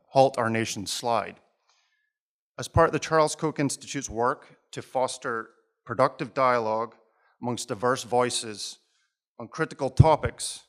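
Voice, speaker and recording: Scottish male host, reads a formal introduction at a measured pace, mid-range voice. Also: mid-range voice, fairly bright tone. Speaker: event host introducing the speaker. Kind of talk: read introduction. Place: hotel event room.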